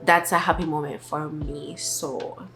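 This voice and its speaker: A young woman vlogger in a casual sit-down chat, talking softly and rambling with many filler words. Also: deep voice, steady tone, measured pace, music in the background.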